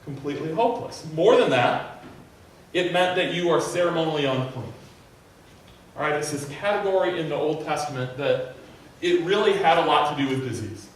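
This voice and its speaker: A man preaching a sermon in a church, teaching in an animated way and acting out a desperate plea. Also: on the high side, normal speed. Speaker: pastor. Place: church sanctuary. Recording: very echoey hall, mic at a distance.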